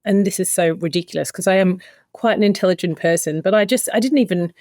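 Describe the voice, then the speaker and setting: A middle-aged woman speaks in a slightly low voice, recorded dry and close. She tells her own story candidly as a podcast guest, slipping into the voices of people she quotes. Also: fast talker, a little mellow, no echo. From Australia. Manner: candid, emotional retelling with many quoted exchanges. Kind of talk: conversational storytelling.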